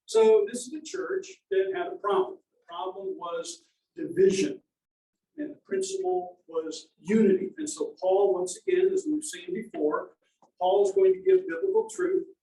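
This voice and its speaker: A male Bible teacher with a high, lively voice and a mellow tone, talking to his listeners in a chatty way and sometimes acting out the people he quotes. He sits back from the mic, and the room's echo carries his voice. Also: moderate pace, recorded from a distance. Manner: conversational, animated, acts out quoted voices. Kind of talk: teaching sermon.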